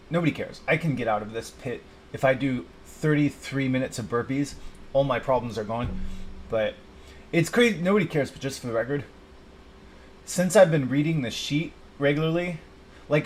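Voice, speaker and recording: A man's voice: mid-range voice, a little hiss or hum. A man venting in a rambling personal video, frustrated and swearing, talking to himself. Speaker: vlogger.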